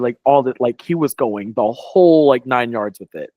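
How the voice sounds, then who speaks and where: Male podcast co-host, mid-pitch, rambling anecdote, dry booth sound. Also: expressive, moderate pace, hardly any pauses, no room sound, muffled recording. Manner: rambling, heavy on "like", quoting others. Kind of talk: casual storytelling chat.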